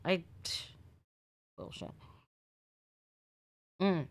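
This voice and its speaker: A woman's voice: very slow, a little mellow, no room sound. A middle-aged woman from Northeast Ohio hosting a casual livestream, chatting with viewers and swearing freely. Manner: chatty, swears freely, says "man" and "dude". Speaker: livestream host. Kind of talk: casual livestream chat reading comments.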